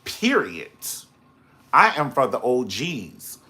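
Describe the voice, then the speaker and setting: A man hosting a casual live-stream review, dishing gossip with sass and drama. His pitch swoops up and down as he talks, and he keeps breaking off to greet viewers in the chat. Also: huge pitch swings, takes it slowly, sharp tone. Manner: sassy, dramatic and gossipy, full of slang asides; chats with viewers in the live comments.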